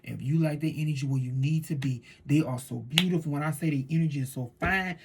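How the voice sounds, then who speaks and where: A woman tarot reader in a casual spiritual monologue, fervent and preachy, swinging between loud declarations and hushed asides. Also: low voice, quick pace, background noise.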